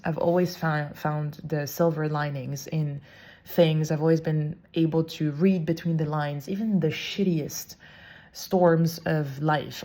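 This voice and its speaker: Low-voiced woman. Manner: expressive, storytelling, drops into French fillers. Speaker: podcast host. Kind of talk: casual reflective monologue.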